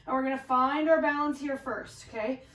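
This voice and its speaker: High-voiced woman leading a yoga class. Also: fairly even intonation, fairly quick, a bit bright. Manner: encouraging cues, slightly out of breath while practicing. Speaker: yoga teacher. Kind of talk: guided yoga class instruction. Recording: roomy echo, voice from a distance.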